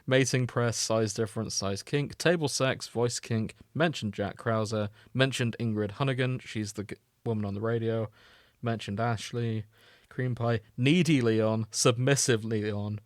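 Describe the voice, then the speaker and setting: A man co-hosting a podcast, reading out a list in a deadpan way in casual chat. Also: mid-range voice, measured pace, dry recording, clean studio sound. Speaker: podcast co-host.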